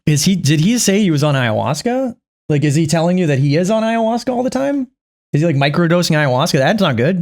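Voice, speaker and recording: A man's voice: fairly high pitch, very animated, fast, darkish tone. Sarcastic swearing man reacting to clips. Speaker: reaction video host. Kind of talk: casual commentary.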